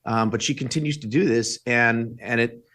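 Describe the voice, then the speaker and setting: A man speaking as a guest commentator on a political talk show, in a measured, analytical way. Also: medium pitch, steady tone, fairly bright tone. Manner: measured, analytical, with frequent fillers and restarts.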